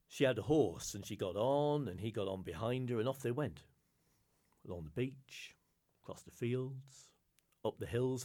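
A male storyteller telling a folk tale in a measured, dramatic way, often dropping to a hushed whisper. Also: on the low side, husky. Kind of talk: live storytelling performance.

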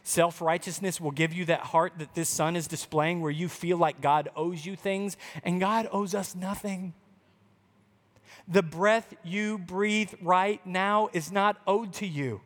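A man's voice: sits high, fairly even intonation, unhurried, fairly bright tone, in a large hall. A man preaching a sermon as pastor in a church building, passionate and urgent, sometimes acting out a complaining believer.

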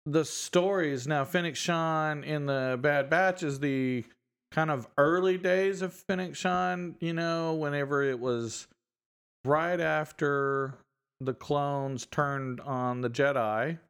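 A man's voice: on the high side, takes it slowly, a bit bright, smooth. A man co-hosting a podcast in casual chat, talking about a show with many restarts and frequent laughs. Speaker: podcast co-host.

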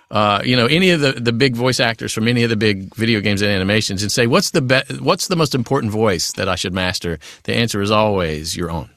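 Male voice actor guest, chatty and animated, dry close sound. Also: medium pitch, dry recording. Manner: chatty, animated, many "you know" asides. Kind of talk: casual interview advice.

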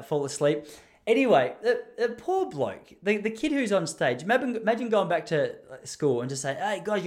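An Australian man in his thirties rambling and joking through a casual monologue, laughing often. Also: a little high. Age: 30s.

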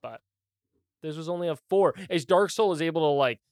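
A man's voice: a little high, brisk, darkish tone, no echo, clean studio sound. A young man narrating as game master of a tabletop game, loose and laughing with lots of fillers.

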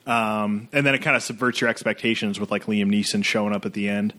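A man's voice: on the low side, steady tone, quick pace, bright, forceful tone. A man in casual chat about films, rambling, swearing freely and now and then mimicking lines from movies.

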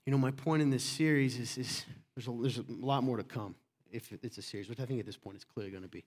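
A middle-aged man preaching a sermon as a pastor, passionate and emphatic, often rising into loud bursts. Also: medium pitch.

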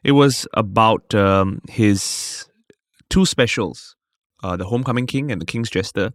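Low-voiced Singaporean man telling stories. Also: a little slow, no room sound, studio quality. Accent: Singaporean English. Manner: storytelling, acting out quoted voices. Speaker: stand-up comedian, guest co-host. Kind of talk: casual podcast chat.

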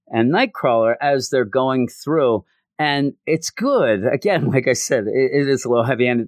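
A man's voice: medium pitch, dry recording, studio quality. A man hosting a podcast, talking through a comic in a rambling, self-interrupting way. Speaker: podcast host. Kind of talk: casual comic book review.

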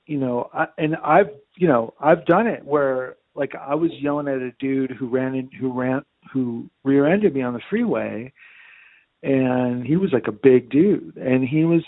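A man's voice: medium pitch, moderate pace, dry recording. A man hosting a casual chat, telling his own profane anecdote. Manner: short backchannel replies, profane anecdote. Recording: dry tinny phone-like sound.

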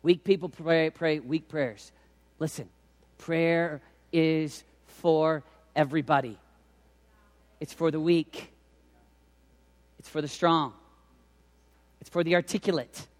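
Man, thirties, preacher with a fairly high voice; drops to near-whispers and climbs to shouts; long hall reverb. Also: steady tone, takes it slowly, long pauses. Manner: swings from hushed near-whispers to loud shouted cries. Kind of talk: sermon.

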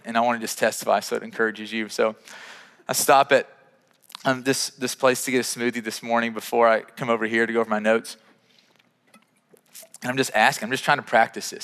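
A man's voice: mid-range voice, fast. Guy preaching a sermon, acting out the convo, kinda self-deprecating, big echoey church. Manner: animated, self-deprecating storytelling with acted dialogue. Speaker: pastor. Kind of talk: sermon storytelling. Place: church sanctuary. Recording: reverberant church hall.

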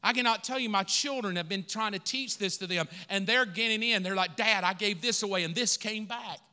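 A male pastor preaching a sermon full of stories, his telling animated and rising to excited emphasis. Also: high voice, fairly quick, long reverb tail. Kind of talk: storytelling sermon.

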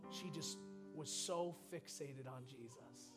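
Male pastor, high voice, unhurried sermon, emotional storytelling, soft instrumental music behind. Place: church sanctuary.

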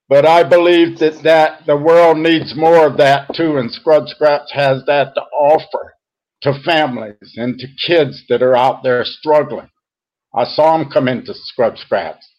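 A middle-aged man speaks as a podcast guest, unhurried and earnest. He pauses and restarts as emotion creeps in. The audio is a touch muffled. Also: medium pitch, darkish tone. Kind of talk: heartfelt interview talk.

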